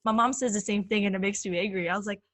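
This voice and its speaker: A woman's voice: mid-range voice, fairly even intonation, a bit bright, no room sound. Playful woman co-host, dry close sound. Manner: playful, quick, says "dude". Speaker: podcast co-host. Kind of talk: casual chat.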